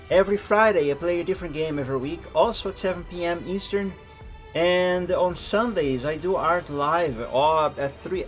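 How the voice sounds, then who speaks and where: Chatty streamer man, higher voice. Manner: chatty, rambling with restarts and laughs. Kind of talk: casual stream chat.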